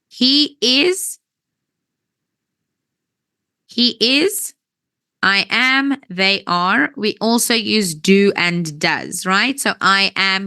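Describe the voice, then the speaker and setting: Woman teacher, slow deliberate pace, crisp bright tone, patient, tiring voice, dry close sound. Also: mid-range voice, no room sound. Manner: slow, patient, checks understanding often. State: voice tiring, clears throat. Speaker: English teacher. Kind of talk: classroom grammar lesson. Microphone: wears headphones.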